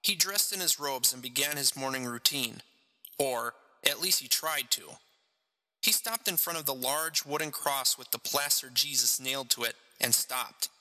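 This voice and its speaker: Bright-voiced man reading his story. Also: mid-range voice, normal speed, low-quality recording. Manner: jokey, chatty asides. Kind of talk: story narration and casual chat.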